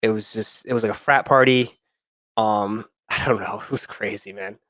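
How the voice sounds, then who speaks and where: A man's voice: on the low side, fairly even intonation, moderate pace, a bit bright, no room sound, studio quality. A young man hosting a stream, telling a story in a loose, rambling way with many fillers and restarts. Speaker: sneaker channel host.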